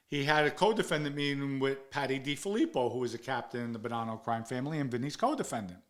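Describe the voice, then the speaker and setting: A man recounting a personal story in an interview, blunt and full of swearing. He acts out the heated exchanges and turns low and subdued when the memories get emotional. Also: fairly bright tone. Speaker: interview guest recounting his past.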